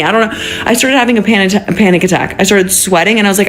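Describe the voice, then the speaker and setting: A woman's voice: mid-range voice, racing, a bit bright, faint music behind. A woman telling a candid, self-mocking story to camera, swearing often.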